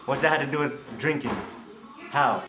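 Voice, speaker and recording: A young man from California, deadpan and incredulous in a comedy sketch. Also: medium pitch, moderate pace, crowd noise. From Northern California. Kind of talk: comedy sketch, mock self-questioning. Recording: echoey room with clear noise.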